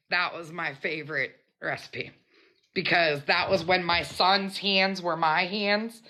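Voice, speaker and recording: A woman's voice: medium pitch, sharp tone. A woman hosting a casual mukbang livestream, chatting in a bubbly way and greeting her viewers. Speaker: livestream host.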